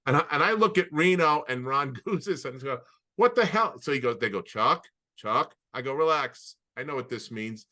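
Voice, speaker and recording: A man co-hosting a podcast over a video call, telling anecdotes in an animated way with many restarts. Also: medium pitch, moderate pace, few pauses. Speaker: podcast co-host. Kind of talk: casual storytelling chat.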